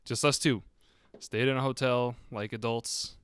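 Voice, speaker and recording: A man's voice: mid-range voice, fairly even intonation, a little slow, a bit bright, smooth, dry recording. Easygoing man in his twenties. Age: 20s. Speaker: podcast co-host. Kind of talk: casual storytelling.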